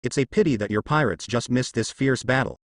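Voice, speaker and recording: A man's synthetic voice playing a boastful, domineering pirate captain who taunts with loud laughter. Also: medium pitch, brisk, dry recording, studio quality, close to an everyday voice. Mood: scheming. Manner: boisterous laughing, grinning taunts.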